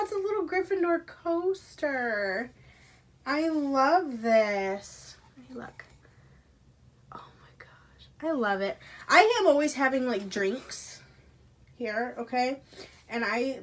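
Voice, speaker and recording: A woman unboxing a subscription box at home, gushing and excitable, dropping into hushed whispers between bursts of delight. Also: fairly high pitch. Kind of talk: casual unboxing vlog.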